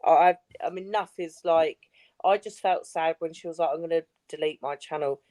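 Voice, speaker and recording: A woman's voice: sits low, normal speed, no echo. Chatty woman on a live stream, dry close sound. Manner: chatty, warm about friends, swears casually. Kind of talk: casual chat.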